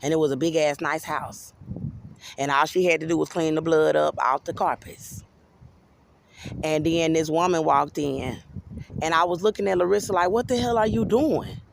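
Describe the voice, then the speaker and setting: A woman's voice: low voice, steady tone, moderate pace, gravelly, pauses often, slight background noise. A woman giving an agitated, rambling personal monologue to camera, swearing freely. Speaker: vlogger.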